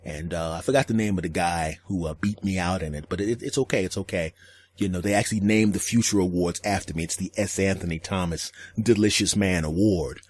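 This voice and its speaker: A man hosting a solo podcast, telling comic stories and acting out other people's lines with deadpan jokes. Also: low voice, a little fast. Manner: storytelling, acts out voices in quotes, deadpan jokes. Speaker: podcast host. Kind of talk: solo comedic podcast monologue.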